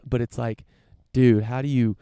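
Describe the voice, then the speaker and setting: A man's voice: medium pitch, fairly even intonation, normal speed, dark tone, clear, resonant tone, no echo, clean studio sound. A young man hosting a podcast, rambling through a casual profane rant with lots of restarts and fillers. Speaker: podcast host.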